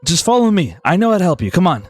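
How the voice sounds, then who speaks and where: A man voicing a calm, sympathetic man who coaxes an angry friend to follow him. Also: high-pitched, fast, slightly rough, faint music behind, heavily acted. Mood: coaxing. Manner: soft, coaxing.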